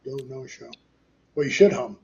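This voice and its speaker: A man's voice: mid-range voice, normal speed, a little mellow, lo-fi sound. A man co-hosting a casual talk show, teasing his partner with quiz-style banter. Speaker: podcast co-host. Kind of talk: casual chat.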